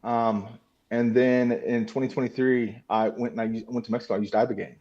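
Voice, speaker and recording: A man speaks candidly and with emotion over a slightly muffled video call, swearing freely as he shares his story. His pitch sits in a middle range for a man. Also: flat delivery, a little fast, a little mellow. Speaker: meeting participant. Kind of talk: personal recovery share.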